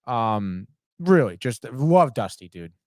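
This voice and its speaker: A man's voice: medium pitch, very animated, takes it slowly, darkish tone, dry recording, clean studio sound. A young man hosting a live sports talk show, rambling and heated, swearing freely and saying "dude" a lot. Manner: profane, rambling, heated, says "dude" often. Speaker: sports podcast host. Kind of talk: casual live sports chat.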